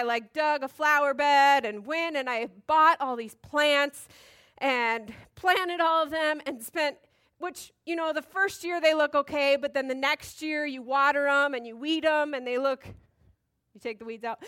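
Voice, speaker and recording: A woman's voice: sits high, pushed and bright. A woman giving a casual, chatty Bible teaching, drifting into side notes and jokes about herself. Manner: chatty, digressive, self-deprecating.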